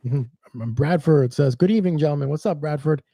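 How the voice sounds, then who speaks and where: Dark-voiced man reading comments, off-mic. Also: a little high, normal speed, dry recording. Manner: reads comments out, then adds short reactions. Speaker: podcast host reading viewer comments. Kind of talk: casual chat.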